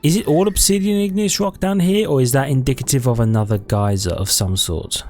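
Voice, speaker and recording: A man's voice: medium pitch, fairly quick, darkish tone, soft background music. A man giving casual let's-play commentary, thinking aloud in a chatty way and correcting himself as he goes. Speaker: gaming YouTuber.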